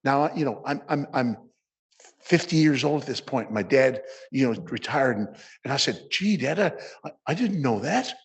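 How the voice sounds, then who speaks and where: Halting older man giving emotional remarks. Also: medium pitch, expressive, gravelly, husky. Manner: halting with repeated restarts. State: choked up. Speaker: symposium speaker.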